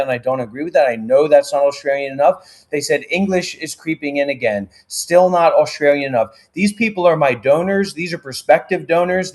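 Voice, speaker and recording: A man with a high voice rants on a livestream. He pleads, rambles and swears, piling clause on clause. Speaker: livestream guest prompting an AI. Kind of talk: heated livestream talk.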